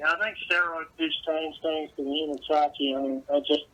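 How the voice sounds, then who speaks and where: A man's voice: a little high, steady tone, moderate pace, sharp tone, low-quality recording. A man talking in a casual podcast chat, blunt and opinionated, swearing a lot.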